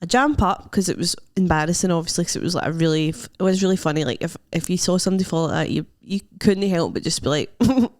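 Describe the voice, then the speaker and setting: A woman with a Glasgow Scottish accent, co-hosting a podcast in casual chat and acting out the people in her story with lively quotes. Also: quick pace, hardly any pauses, no room sound, studio quality. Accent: Scottish, Glasgow area. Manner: animated storyteller, acts out quotes in a higher voice, laughs often. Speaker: podcast co-host.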